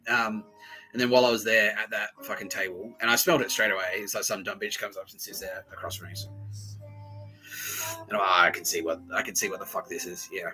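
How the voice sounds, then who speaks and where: A man's voice: fairly low pitch, fairly even intonation, fairly quick, pushed and bright, low-quality recording. A man hosting a podcast, telling a rambling, profane story and laughing at his own jokes. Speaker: podcast host. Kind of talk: rambling monologue.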